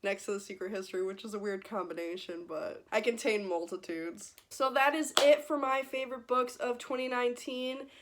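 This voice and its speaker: A woman's voice: on the high side, fairly even intonation, normal speed, few pauses, slight background noise. A young woman in her twenties chatting casually in a book vlog, gushing and emotional, laughing often and close to tears. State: teary, close to crying. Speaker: book vlogger.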